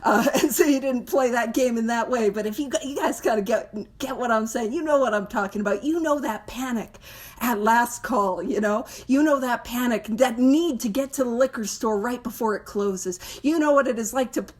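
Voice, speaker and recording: A woman with a high voice leads a casual recovery book study. She talks in a chatty, self-mocking way and breaks into laughter often. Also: moderate pace. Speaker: podcast host leading a recovery book study.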